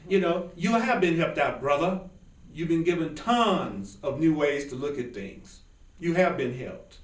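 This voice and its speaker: Male spiritual teacher, higher voice, animated and jokey, echoey room, mic set back. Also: unhurried, far from the mic. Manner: animated, laughing, jokey asides. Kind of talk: informal class talk.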